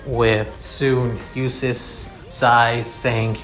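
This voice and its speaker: A man narrating a fan fiction story in a halting way, with repeated connectives. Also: mid-range voice, steady tone, faint music behind. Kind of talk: story reading.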